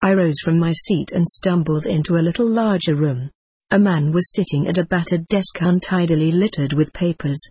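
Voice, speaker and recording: A woman narrating a first-person story in a measured, even way. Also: on the low side, slightly rough, no room sound. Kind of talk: audiobook narration.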